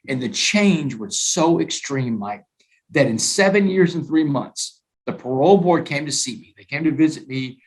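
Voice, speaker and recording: Emphatic storytelling man, slightly high voice. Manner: emphatic, animated storyteller with repeated restarts. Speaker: guest author and speaker. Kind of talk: storytelling in a talk-show interview.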